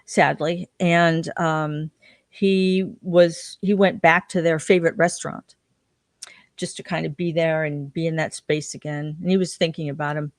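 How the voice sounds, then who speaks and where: A woman's voice: fairly low pitch, no echo, clean studio sound. A woman guest in an interview, telling stories and acting out the people she quotes. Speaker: guest researcher. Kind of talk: interview storytelling.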